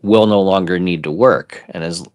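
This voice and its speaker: A man's voice: low voice, normal speed, a little mellow. A man co-hosting an investing show, chatting casually and rambling through his theories. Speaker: co-host. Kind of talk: casual chat.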